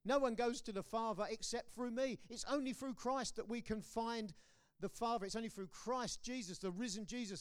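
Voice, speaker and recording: A man with a British accent preaching a sermon, swinging between loud declarations and hushed, low lines. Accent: British English. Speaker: pastor. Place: church hall.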